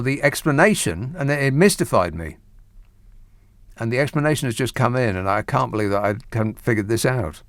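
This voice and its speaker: A man's voice: mid-range voice, dry recording. Dry, wry man hosting late-night radio. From Scotland. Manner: dry, wry, self-mocking. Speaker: radio phone-in host. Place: radio studio. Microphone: studio microphone.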